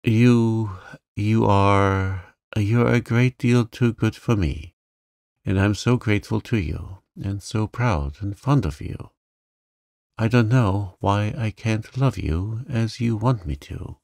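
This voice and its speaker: A man reading the part of an earnest, remorseful young woman in an audiobook, in a gentle, pleading way. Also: fairly low pitch, slow, vocal fry, no echo, studio quality.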